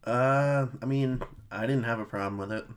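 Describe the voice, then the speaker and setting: A man's voice: medium pitch, moderate pace. A man co-hosting a film podcast in casual chat, adding brief joking interjections.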